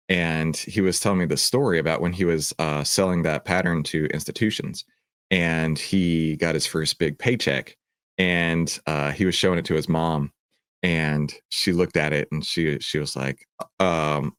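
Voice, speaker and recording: A man's voice: sits low, dry recording, studio quality. A man hosting a livestream, chatting upbeat with viewers in the chat. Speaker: host of a livestream, reacting to a video.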